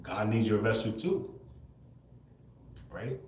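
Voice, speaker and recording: A man's voice: fairly low pitch, animated, slow pace, a little mellow. A man on a livestream talking straight to his viewers, tagging lines with "bro" and "right?", laughing often and swearing freely. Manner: swears casually. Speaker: livestream host. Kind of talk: casual livestream monologue. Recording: roomy echo.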